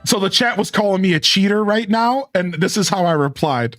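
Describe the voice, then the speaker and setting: A man streamer casually telling a story to his stream chat, laughing often and mimicking chat in high yelps. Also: expressive, a little fast, fairly bright tone, faint music behind.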